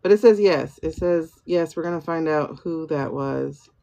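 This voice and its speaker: Deep, gravelly, and warm, her voice moves at a moderate pace through a muffled recording. She is a tarot and pendulum reader hosting a phone livestream reading, wondering aloud, talking with viewers by name, and posing and answering questions to herself.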